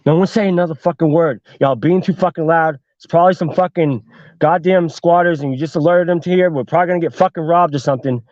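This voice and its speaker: A man's voice: on the high side, fast, a little mellow, dry recording, dull audio, lightly acted. A man voicing an angry young man scolding his friends in a harsh, profane way.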